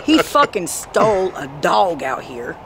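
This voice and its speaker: A woman telling rambling, profane stories in a street interview, breaking into shouts. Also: on the low side, a little slow, vocal fry. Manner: profane, animated storytelling with sudden shouts. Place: outdoors on a city street. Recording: street noise and passing traffic.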